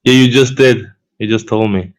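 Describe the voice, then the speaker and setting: A man's voice: on the low side, steady tone, moderate pace. A man as a guest in a casual debate, sounding defensive and exasperated.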